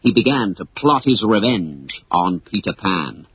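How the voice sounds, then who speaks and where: A man reading a children's story aloud as narrator, in an expressive storybook style. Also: deep voice, measured pace, husky, dry recording, poor audio. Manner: animated, expressive read-aloud.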